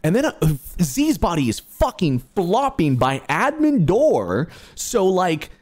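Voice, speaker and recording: A man's voice: sits high, wildly swooping pitch, slow, a little mellow. A man streaming a social deduction game with friends, chatting casually, rambling and cursing as he explains what he saw. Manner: swearing, rambling, jokey asides to chat. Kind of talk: casual gaming chat.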